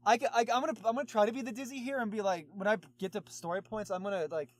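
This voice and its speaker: A man's voice: high-pitched, fairly even intonation, very fast. A man co-hosting a podcast, recapping a movie in a rambling, casual way with many fillers and restarts. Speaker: podcast co-host.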